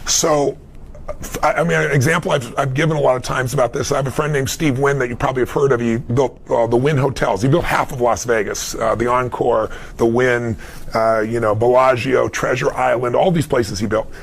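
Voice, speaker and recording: Gravelly emphatic male motivational speaker. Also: mid-range voice, fairly even intonation, brisk. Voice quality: gravelly, husky. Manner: emphatic storytelling, shifting loud and soft. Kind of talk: conversational interview answer.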